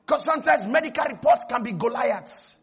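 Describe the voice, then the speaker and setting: A man preaching a lively sermon as pastor, emphatic, calling on the congregation to answer, and acting out voices. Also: very high-pitched, brisk, breathy edge. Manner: emphatic, calls for responses, acts out quotes.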